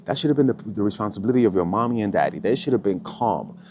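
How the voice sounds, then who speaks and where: A man with a slightly low-pitched voice delivers a casual coaching talk. He is animated and blunt, drops in profanity, and keeps asking "right?" to pull the listener along. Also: fast, slight background noise. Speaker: dating coach.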